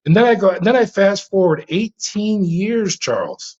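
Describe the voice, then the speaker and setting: A middle-aged man recounts his past as a prison officer, animated and dramatic. He stumbles over fillers and restarts but keeps driving the story. The sound is a little dull and lo-fi. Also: high voice, normal speed, hardly any pauses. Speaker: interview guest, former prison officer.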